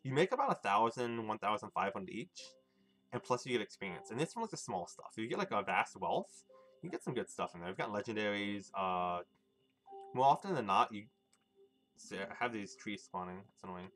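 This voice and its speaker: A man's voice: fairly low pitch, big pitch swings, fairly quick, fairly bright tone. A young man streaming a video game, rambling loosely and chuckling as he chats with his viewers. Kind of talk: casual live gameplay commentary.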